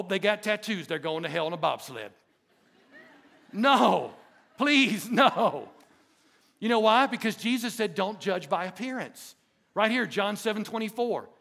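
Gravelly-voiced high-pitched male pastor preaching. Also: fairly bright tone. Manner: emphatic preaching with call-and-response asides. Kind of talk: sermon. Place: church sanctuary.

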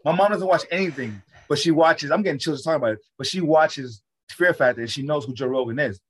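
A man's voice: fairly high pitch, fast, husky, poor audio. A man, a stand-up comedian, telling a casual story, rambling and swearing often. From Florida, USA.

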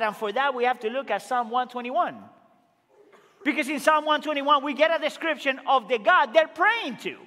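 A male pastor delivers a sermon with a strikingly high, bright voice. He swings between emphatic, rising exclamations and quiet, low asides. The sound carries a long church-hall reverb. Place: church sanctuary.

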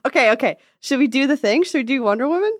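A woman's voice: high-pitched, animated, fast talker, no room sound, studio quality. A woman co-hosting a casual podcast chat remotely, speaking in a wry, laid-back way. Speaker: podcast co-host. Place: home, remote.

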